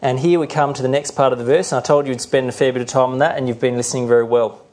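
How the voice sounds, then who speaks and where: A man's voice: mid-range voice, steady tone, very fast, darkish tone. A middle-aged male pastor preaching a sermon earnestly, sometimes acting out the voices he quotes.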